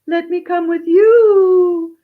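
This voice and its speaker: A woman voicing a small, eager male owl in a storybook tale, with high hooting cries. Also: fairly even intonation, slow pace, narrow, tinny audio. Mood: pleading.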